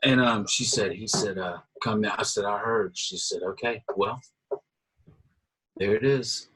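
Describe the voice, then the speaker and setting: A man's voice: on the low side, unhurried, a little hiss or hum, rough recording. A middle-aged man, a guitarist, telling stories casually in an interview, acting out the voices of the people he quotes. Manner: animated storyteller, acts out quoted voices. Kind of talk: casual storytelling.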